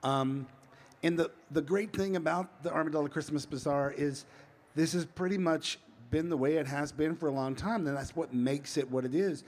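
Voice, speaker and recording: A man's voice: on the high side, moderate pace. A man interviewing a guest, reacting with enthusiasm and asking friendly questions. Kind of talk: casual interview.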